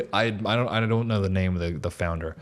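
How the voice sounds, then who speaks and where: Animated young American man, lowish voice. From United States. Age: young adult. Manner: animated, enthusiastic, quick bursts of opinion. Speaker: podcast co-host. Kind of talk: casual chat.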